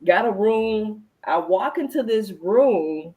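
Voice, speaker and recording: A woman hosting a casual adult chat, telling stories in an animated way, acting out her own reactions and swearing freely. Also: medium pitch, slow pace, poor audio. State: recalls being pregnant at the time, not now. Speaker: podcast host.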